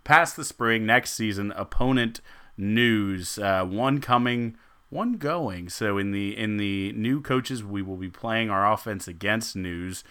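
A man's voice: lowish voice, slow, fairly bright tone, smooth. A man co-hosting a sports podcast, rambling and joking in casual chat and laughing often. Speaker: podcast co-host.

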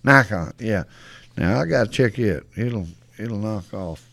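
A man's voice: on the low side, animated, a little slow, vocal fry, a bit bright, dry recording. A middle-aged man with a West Texas accent, telling stories as a podcast guest in a loose, profane, joking way. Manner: drawling, profane, laughing storyteller. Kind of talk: casual storytelling.

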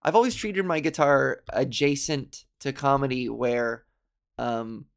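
A woman's voice: extremely low pitch, a little slow, creaky. A woman hosting a solo podcast in casual chat, telling stories with lots of swearing and self-deprecating asides, and acting out what people said. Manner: animated, swearing, self-deprecating storyteller who acts out quotes. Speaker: podcast host.

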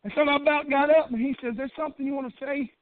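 A middle-aged man preaching a Baptist sermon in a fervent cadence that builds to shouting. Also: very high voice, steady tone, rapid-fire, no room sound. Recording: dry, tinny phone-like church recording.

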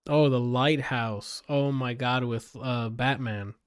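A man's voice: mid-range voice, steady tone, slow, clean tone, no echo, studio quality. A man co-hosting a casual podcast chat about video games, chiming in with short agreements and corrections. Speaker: podcast co-host.

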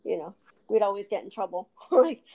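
A young woman host from New Mexico, raised in Texas, who has a speech impediment and talks warmly in a rambling way full of restarts. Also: mid-range voice, very animated, brisk, poor audio. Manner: rambling, with many restarts and laughs. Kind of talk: casual heartfelt chat.

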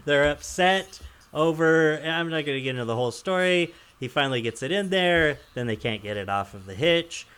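A man's voice: fairly high pitch, expressive, moderate pace, a bit bright, clean tone. A man hosting a casual podcast, telling a rambling story with frequent chuckles. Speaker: podcast host.

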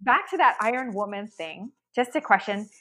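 Woman interviewer asking halting questions. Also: medium pitch, expressive, a bit bright. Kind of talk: casual interview chat.

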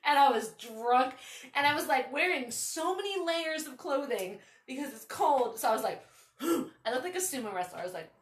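A woman hosting a podcast, telling a story in a casual, animated, foul-mouthed way. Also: sits high, normal speed, roomy sound, recorded from a distance. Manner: animated, swearing, lots of "like". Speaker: podcast host.

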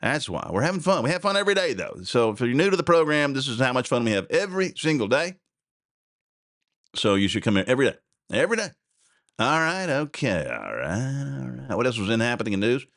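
A man's voice: medium pitch, big pitch swings, fairly quick, a bit bright, no room sound, studio quality. A man hosting a talk show, giving casual, sarcastic political commentary and laughing often.

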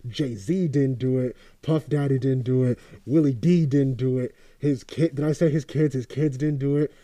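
A man's voice: medium pitch, steady tone, normal speed, warm tone, dry recording. A young man from Oakland, ranting casually with profane, rambling sarcasm. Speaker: commentator. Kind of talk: casual rant.

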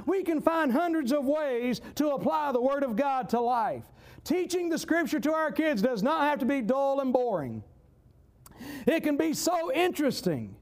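High-voiced Southern preacher, folksy and emphatic. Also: male voice, creaky. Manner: folksy, emphatic, repeats key phrases, bursts into shouting. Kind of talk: sermon.

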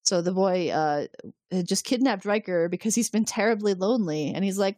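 Co-hosting a podcast, a woman recaps a TV episode casually and with animation, laughing a lot and swearing freely. Her mid-range voice moves fairly quickly, captured in studio quality with no room sound.

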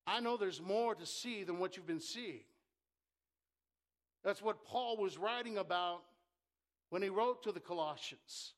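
Pastor, male, high tenor, fervent sermon delivery, rises to shouts then drops to a hush. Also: unhurried, long pauses. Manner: impassioned preaching that drops to a hush; calls for congregation responses. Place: church.

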